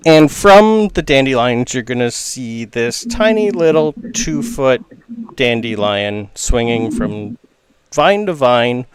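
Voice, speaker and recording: A man's voice: medium pitch, clean tone, no room sound. A man narrating a tabletop game as game master, with casual, rambling description and plenty of fillers.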